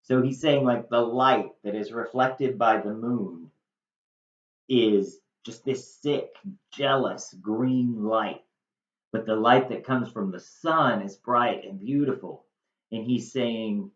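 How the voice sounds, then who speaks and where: A man talks a class through a classic verse passage, rephrasing each line in loose everyday words. He speaks slowly and unhurriedly, at an ordinary middle pitch. The sound is roomy and a little dull, as from a lo-fi setup. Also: fairly bright tone. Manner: casual, paraphrasing with frequent "like". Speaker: teacher. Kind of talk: explaining a Shakespeare text.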